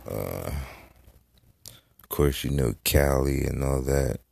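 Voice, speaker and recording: Slow, very deep gravelly man. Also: a little mellow. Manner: rambling, profane, trailing off with many fillers. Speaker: podcast host. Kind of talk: casual solo podcast rambling. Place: Florida.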